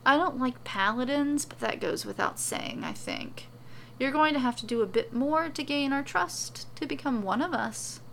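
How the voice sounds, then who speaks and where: A woman voicing a cold, menacing female villain leader who threatens in a calm, clipped way. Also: medium pitch, normal speed, gravelly, a little hiss or hum, natural voice, rough recording.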